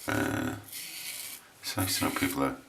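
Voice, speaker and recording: An English man with a low voice chatting casually while he shaves on camera, rambling and hesitant with lots of restarts. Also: unhurried, gravelly, background noise. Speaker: shaving vlogger.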